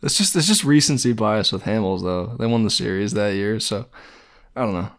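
Low smooth laid-back podcast co-host man. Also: lively intonation, normal speed. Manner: laid-back, rambling with many fillers. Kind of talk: casual sports podcast chat.

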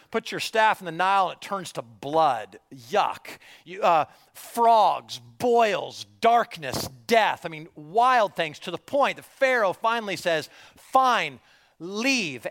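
A man preaching a sermon as a story, animated, jumping from loud bursts to hushed near-whispers. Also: high-pitched. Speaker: pastor.

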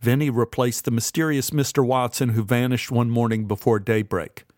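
A man reading an audiobook aloud in first person with a measured, steady delivery. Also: mid-range voice, no echo, clean studio sound. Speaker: audiobook narrator. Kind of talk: first-person storybook narration.

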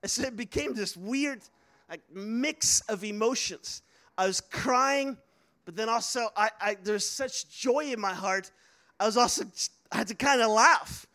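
A man's voice: sits high, measured pace, pushed and bright. A man preaching a sermon, telling a personal story earnestly with many fillers and restarts. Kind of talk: sermon testimony.

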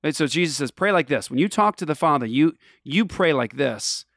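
A man's voice: a little high, lively intonation, fairly quick, a bit bright, dry recording. Man, radio host, earnest and emphatic, preacherly, tired, dry close sound. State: tired from travel. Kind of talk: casual faith talk.

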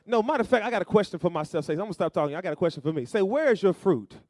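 A male pastor preaching a sermon, calling to the congregation and rising to loud emphatic bursts. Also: high voice, animated, racing, no echo, clean studio sound.

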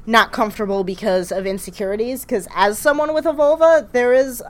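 Frank young woman chatting on a live podcast. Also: fairly high pitch. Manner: frank, chatty, quick to laugh. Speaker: podcast co-host. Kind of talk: casual live podcast chat. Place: live event room.

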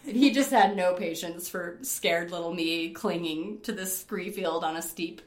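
A middle-aged woman from upstate New York telling stories in a casual interview, animated, laughing often and using lots of fillers. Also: on the low side, a little slow, roomy sound. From Rochester, New York. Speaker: interview guest, rock climber.

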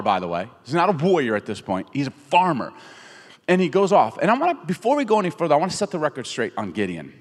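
Animated man preaching in a reverberant hall. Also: fairly high pitch. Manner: animated, self-mocking, acts out voices. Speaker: pastor. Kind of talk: storytelling sermon. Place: church auditorium stage.

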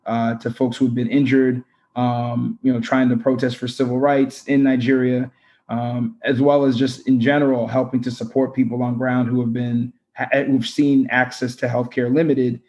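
A man's voice: medium pitch, flat delivery, normal speed, darkish tone. Male podcast guest, earnest and rambling, filler-heavy, slightly dull lo-fi sound. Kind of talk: casual interview talk.

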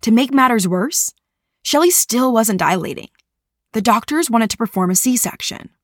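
A woman reading scripted narration in a measured, even way. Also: fairly high pitch, no room sound, studio quality. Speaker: podcast narrator.

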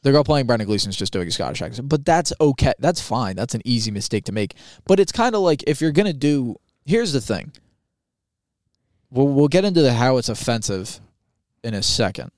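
A man's voice: medium pitch, big pitch swings, a little fast, a little mellow, no room sound, clean studio sound. A man co-hosting a podcast, talking in a casual, blunt and argumentative way, with plenty of swearing. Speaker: podcast co-host. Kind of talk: casual chat.

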